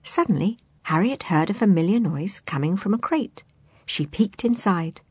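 A woman narrating a children's storybook aloud in an expressive, animated way. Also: mid-range voice, normal speed, breathy edge, dry recording.

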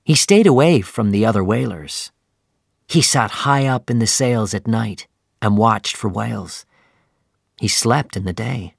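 A man narrating a simplified sea novel in a slow, clear, even storytelling manner. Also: fairly low pitch, no room sound, clean studio sound. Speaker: audiobook narrator.

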